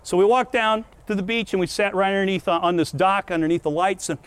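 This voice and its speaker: Man, preacher, sermon, earnest, emphatic storytelling, somewhat high voice. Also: fast talker, clean tone. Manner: earnest, emphatic, lively retelling.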